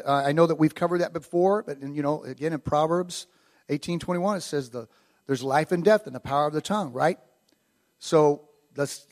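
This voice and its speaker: A man preaching a casual storytelling sermon, acting out quoted lines with growing animation. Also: on the high side. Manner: conversational, acts out quoted lines with rising animation.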